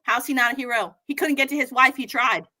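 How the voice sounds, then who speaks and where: A young adult woman co-hosting a casual livestream show, talking in an animated, profane way and acting out quotes in high shouts. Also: fast. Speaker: podcast co-host.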